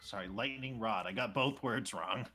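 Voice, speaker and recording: A man chatting excitedly while playing a game live on stream, laughing often and reacting quickly. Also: lowish voice, music in the background. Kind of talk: live gameplay chat.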